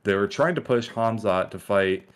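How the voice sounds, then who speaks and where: Man, podcast co-host, low-pitched, animated storytelling, swears. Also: normal speed. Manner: animated recounting of fights, swearing. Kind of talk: casual MMA chat.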